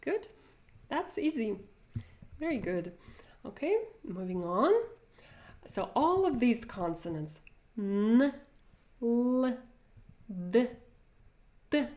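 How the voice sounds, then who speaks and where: A woman's voice: fairly high pitch, big pitch swings, takes it slowly, long pauses, a little mellow. A woman teaching pronunciation, modeling sounds and having listeners repeat after her. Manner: demonstrates sounds, repeats and exaggerates them. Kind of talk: online pronunciation lesson.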